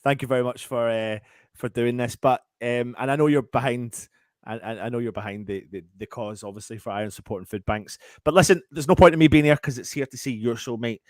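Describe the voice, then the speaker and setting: A man opening a fan channel's live stream with eager, rambling enthusiasm and lots of repeated words. His voice sits at a middle pitch, recorded close and dry with no room sound. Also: brisk, dry recording. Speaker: channel host introducing the show. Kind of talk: casual stream introduction.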